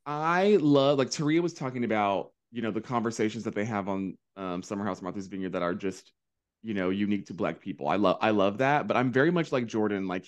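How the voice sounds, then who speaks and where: A man who is a guest on a podcast, giving opinionated, sarcastic takes in casual chat with frequent swearing. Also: fairly low pitch.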